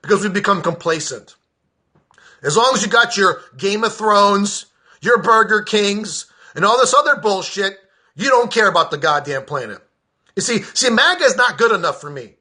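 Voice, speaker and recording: An agitated American man tears into his subject in a high, bright voice. The tone is sharp and forceful, full of cursing and sarcasm. He is a veteran venting in a personal political rant. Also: expressive, normal speed. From United States. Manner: heated, profane, sarcastic.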